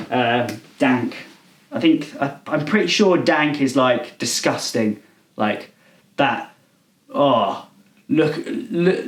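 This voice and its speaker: A man's voice: mid-range voice, close to an everyday voice. A man playing a clueless slang-mangling millennial, roomy echo. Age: 20s. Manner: rambling, hesitant, misusing slang. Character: clueless self-styled cool male millennial partygoer. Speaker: comedy character. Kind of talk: deadpan character monologue.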